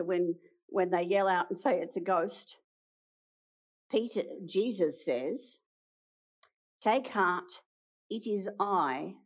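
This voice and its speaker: A woman preaching a sermon, retelling a story with dramatic pauses and acted-out quotes. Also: fairly low pitch. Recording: dull lo-fi sound.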